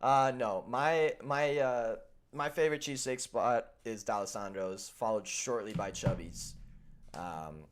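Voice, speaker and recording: A man from Minnesota co-hosting a sports show, chatting casually and telling animated stories. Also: mid-range voice, unhurried. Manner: animated storytelling, acts out quoted voices. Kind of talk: casual chat.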